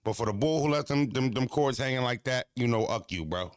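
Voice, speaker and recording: A man hosting a live stream, telling a story casually to his chat in an animated, profane way that swings between high excited and low mocking tones. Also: fairly quick, smooth, no echo, clean studio sound.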